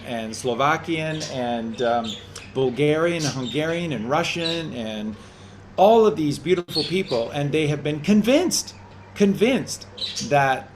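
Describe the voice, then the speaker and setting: A man's voice: a little high, background noise. A man co-hosting a community call-in chat, rambling and often restarting and repeating his words. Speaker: co-host.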